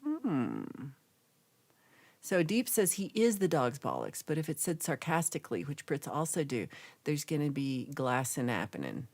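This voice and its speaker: A young woman chats through her livestream, reading out viewer comments and reacting as she goes. Her voice sits low, yet her pitch swings widely and animatedly. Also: normal speed. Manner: chatty, reacts with gasps and laughs, animated. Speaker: livestream host reading chat. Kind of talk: casual livestream chat.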